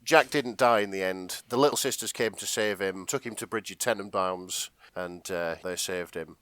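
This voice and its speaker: A man's voice: low voice, normal speed, no room sound. A man co-hosting a comedy podcast, retelling a fanfic with a lot of laughter. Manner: animated, laughing often. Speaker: podcast co-host.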